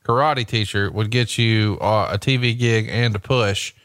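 Deadpan wrestling co-host man, dry mic. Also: on the low side, a little slow, dry recording. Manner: deadpan, pokes fun with made-up answers. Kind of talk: dry, joking color commentary.

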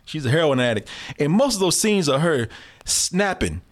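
A man reviewing a movie in casual chat, animated and profane, laughing often and addressing his listeners as "people". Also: a little high, normal speed.

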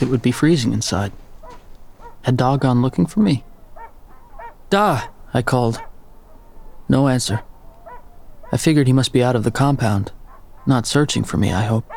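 A man narrating a first-person story in a steady, measured way. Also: mid-range voice, creaky, a little hiss or hum.

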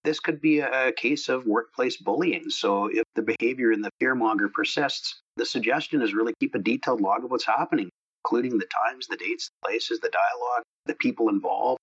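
Husky-voiced man co-hosting a podcast. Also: medium pitch, fairly quick, fairly bright tone, muffled recording. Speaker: co-host. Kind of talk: casual podcast discussion.

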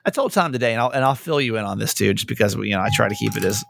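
A man's voice: fairly low pitch, racing, creaky, a little hiss or hum. A young man who hosts radio and a podcast, telling stories in casual chat, acting out quotes and swearing often. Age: young adult. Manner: animated storytelling, acting out quotes, frequent swearing.

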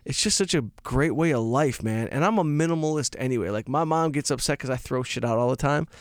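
A man's voice: mid-range voice, fast, clean tone, dry recording, clean studio sound. A male comedian and podcast host telling rambling, self-mocking stories in casual chat, swearing freely. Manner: profane, rambling storyteller.

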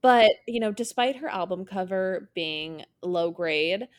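A woman's voice: medium pitch, lively intonation, a little slow. A young woman hosting a podcast, chatting casually and enthusiastically, often correcting herself mid-sentence. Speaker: podcast host. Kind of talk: casual chat.

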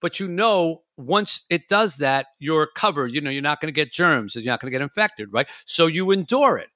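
A man's voice: a little high, normal speed, no room sound, clean studio sound. A man hosting a casual talk show, chatting and acting out his own inner voice. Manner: animated, acts out his inner voice. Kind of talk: casual chat.

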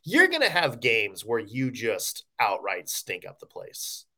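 A man co-hosts a casual sports podcast and talks through the games with a lively, joking manner. His pitch swings widely as he talks. He leans on fillers like "you know" while he works out his points. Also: a little slow. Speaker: podcast co-host.

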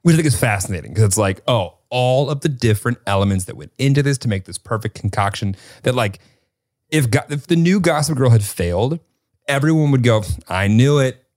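A man co-hosting a casual podcast, talking with animated, dramatic energy. His pitch swings widely as he acts out quotes, and the sound is close and dry with no room echo. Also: fairly quick. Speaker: podcast co-host. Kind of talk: casual chat.

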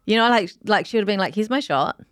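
A woman chats casually on a podcast and tells her stories with lively energy. She laughs often, and her voice sits in a middle range. The recording is close and dry. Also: medium pitch, fast talker, no room sound. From New Zealand. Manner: animated storytelling, laughs often. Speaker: podcast co-host. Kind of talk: casual chat.

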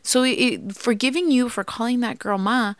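A woman's voice: on the high side, moderate pace, dry recording. Earnest woman giving heartfelt marriage advice. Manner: earnest, repetitive and emphatic. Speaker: podcast co-host.

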